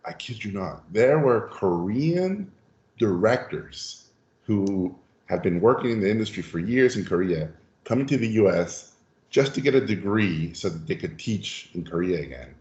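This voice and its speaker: Low-voiced man telling stories. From Mexico. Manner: lively storyteller who acts out voices. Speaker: podcast guest. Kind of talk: animated anecdotal storytelling. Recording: roomy, dull lo-fi sound.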